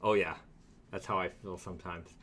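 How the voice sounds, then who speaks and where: Bright-voiced man hosting a casual live stream. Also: deep voice, normal speed. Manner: relaxed, reads viewer comments aloud with many fillers. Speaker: host of a brand's weekly live stream.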